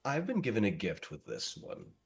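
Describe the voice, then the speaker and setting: A man's voice: lowish voice, huge pitch swings, normal speed, slightly rough, exaggerated voice. A man voicing a suave, sinister male vampire doctor in a mocking, menacing tone. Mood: cool.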